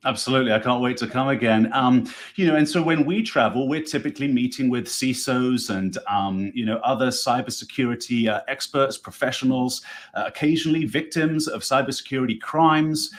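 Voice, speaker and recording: A man's voice: mid-range voice, fairly quick. A man with a New Jersey accent hosting a live online interview, talking in an effusive, enthusiastic, rambling way. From United States. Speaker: host.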